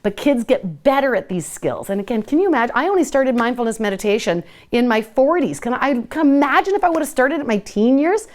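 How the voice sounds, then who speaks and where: Woman, middle-aged, host, live webinar talk, animated, sing-song moments. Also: on the high side, brisk, hardly any pauses. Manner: animated, sing-song when modeling what to say to kids. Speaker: parenting educator hosting a live session.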